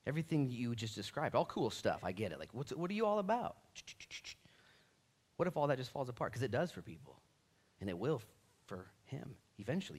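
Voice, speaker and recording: A male pastor delivering a sermon with a lively, swooping voice that sits a little high for a man. He talks casually and jumps into acted-out quotes, suddenly getting loud and then dropping low. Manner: animated, acts out quotes with big pitch and volume swings; casual, conversational phrasing.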